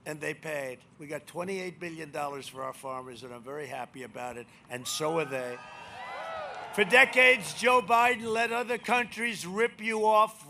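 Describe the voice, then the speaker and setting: A high-pitched man gives a boastful, rambling campaign rally speech into a podium microphone. His tone is bright and forceful, and he swings between shouted lines and low muttered asides. Faint noise hangs in the background. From United States. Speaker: president speaking as a candidate. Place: rally venue.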